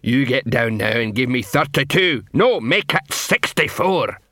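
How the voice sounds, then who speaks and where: A man reading an audiobook, voicing a pompous, slow-witted troll drill sergeant who bellows orders. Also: mid-range voice, expressive, sharp tone, no room sound, studio quality. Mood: pompous bellowing. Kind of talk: audiobook character voice.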